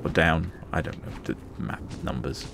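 A man's voice: very deep voice, moderate pace, vocal fry, fairly bright tone. A man bantering playfully and teasing friends during a game session over a noisy voice chat. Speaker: game player. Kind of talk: casual gaming chat.

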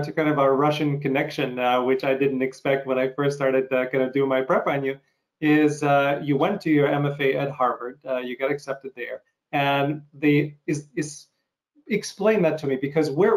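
A man hosting an interview who asks his questions hesitantly, with many fillers and restarts. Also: on the high side. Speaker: podcast host. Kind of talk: casual interview.

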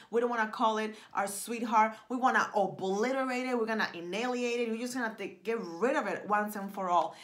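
A woman talking straight to camera as a writing coach, excitable and emphatic, repeating lines for effect and gesturing with her hands. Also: mid-range voice. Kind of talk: animated direct-to-camera pitch.

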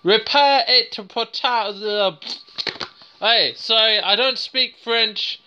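A man's voice: high voice, slow, pushed and bright, highs cut off, a little hiss or hum. A man with a British accent giving a casual, unscripted product review, rambling and joking at his own expense. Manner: rambling, jokey and self-mocking.

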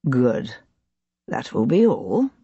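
A woman reads a cold, menacing nobleman in a low, husky voice. He is curt and commanding, and the sound is close and dry. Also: sing-song, slow pace, warm tone, no echo, highs cut off, exaggerated voice.

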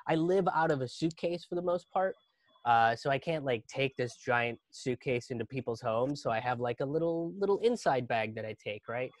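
Animated, foul-mouthed male storyteller. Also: mid-range voice, moderate pace, no echo. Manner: animated, profane, exaggerated panic. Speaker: comedian and storyteller. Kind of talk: live virtual comedy storytelling.

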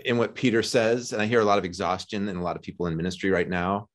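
A man with a deep voice discusses a Bible passage over a video call. He speaks in a lively, wry way as a podcast co-host. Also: fast talker. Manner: lively and wry, acting out voices in his retelling. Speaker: seminary professor, podcast co-host. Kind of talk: casual discussion of scripture.

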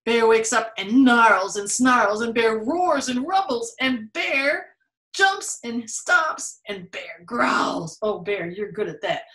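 A woman reads a picture book aloud to young children, playful and laughing often. She speaks slowly with a bouncy, lively pitch in a fairly high voice. The room around her is echoey. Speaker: children's museum storytime reader.

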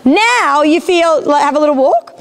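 A woman's voice: high-pitched, animated, normal speed. A woman instructing a rider in a riding arena, encouraging and often checking that she understands. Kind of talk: live coaching of a rider.

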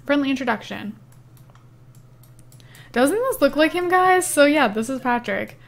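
A woman's voice: high-pitched, lively intonation, a little slow, vocal fry. A young woman casually narrating her life-simulation game as a gaming YouTuber, chatty and giggly, with lots of "um" and "like". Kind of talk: casual let's-play commentary.

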